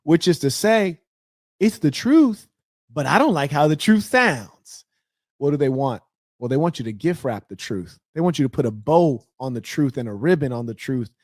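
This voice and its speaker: A man's voice: fairly high pitch, expressive, moderate pace, a little mellow, dry recording. Slangy man hosting a livestream, dry sound. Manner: loose, slangy, mocking asides. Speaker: livestream host. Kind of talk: casual livestream commentary.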